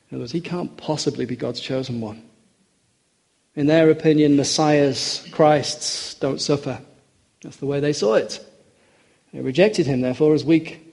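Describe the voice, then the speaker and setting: Husky, mellow-voiced male preacher. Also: mid-range voice. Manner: earnest, rising for emphasis, slows on quoted scripture. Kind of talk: sermon.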